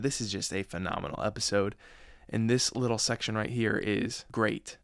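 A man giving an earnest, reflective spoken review of a drama episode, often pausing to muse and admitting he is unsure. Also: medium pitch, clear, resonant tone, no room sound, clean studio sound.

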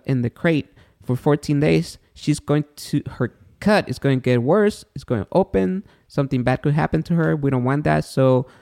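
Guy cohosting a chatty podcast, super animated, acts out voices in his stories. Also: a little high, vocal fry, clean tone. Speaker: podcast co-host. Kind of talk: casual chat.

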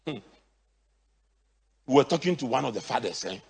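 A male pastor preaching a sermon, swinging from quiet asides to shouted, high-pitched exclamations. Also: animated, moderate pace, vocal fry, breathy edge. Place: church. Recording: church hall reverb.

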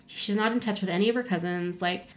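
A woman's voice: mid-range voice, fairly even intonation, quick pace. A woman in her forties telling family stories in a casual, chatty way, full of "like" fillers and little acted quotes. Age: 40s. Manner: chatty, filler-heavy, often acts out quoted voices. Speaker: podcast co-host. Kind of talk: casual storytelling chat.

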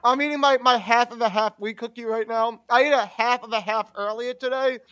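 A man's voice: very high-pitched, steady tone, fairly quick, fairly bright tone, clear, resonant tone, dry recording, studio quality. A young man co-hosting a podcast, rambling and giggly with lots of fillers. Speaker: podcast co-host. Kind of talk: casual chat.

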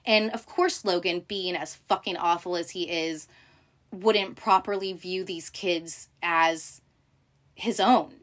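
Animated, profane woman recapping a show. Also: fairly low pitch, takes it slowly. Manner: animated, profane, lots of fillers and acted-out quotes. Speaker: podcast host recapping a TV show. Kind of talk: casual chat.

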